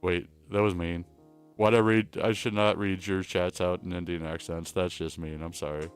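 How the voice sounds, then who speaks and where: A man's voice: low voice, flat delivery, moderate pace, clean tone, faint music behind. A man streaming from home, chatting casually in a rambling, crude, joking way. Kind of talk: casual livestream chat.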